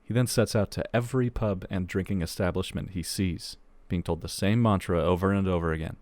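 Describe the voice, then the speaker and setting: A man's voice: low voice, a little fast, darkish tone, no echo. A young man co-hosting a podcast, reading a long joke aloud in casual chat, laughing as he goes and swearing casually. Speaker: podcast co-host.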